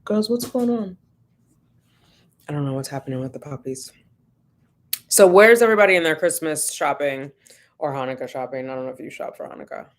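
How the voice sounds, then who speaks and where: A woman's voice: rumbling low, fast. A woman casually chatting at home on a livestream, laughing often and greeting viewers by name. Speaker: vlogger hosting a livestream.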